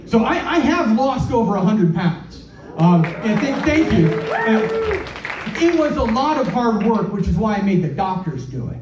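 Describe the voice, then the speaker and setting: High-voiced man doing stand-up in a club. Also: wildly swooping pitch, crowd noise. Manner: halting, repeats words, self-deprecating. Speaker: stand-up comedian. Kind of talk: stand-up set. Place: comedy club stage. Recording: roomy, dull club recording from a distance.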